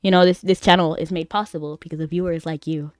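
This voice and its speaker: Chatty, excitable woman streamer. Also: on the low side, fast, no echo. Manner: excitable, rambling, giggly. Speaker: gaming streamer. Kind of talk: casual gaming stream chat.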